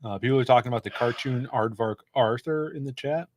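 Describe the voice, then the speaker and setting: A man's voice: medium pitch, fairly quick, darkish tone, a little hiss or hum. A man co-hosting a casual chat from an office, reading out posts and moving the show along. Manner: reads tweets and chat aloud, steers the topics. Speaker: co-host of comics channel.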